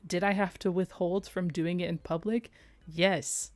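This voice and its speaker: A woman's voice: fairly low pitch, fairly even intonation, unhurried, no room sound. A young adult woman streaming, chatting casually and playfully, with frequent giggles and rambling asides. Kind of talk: casual livestream chat.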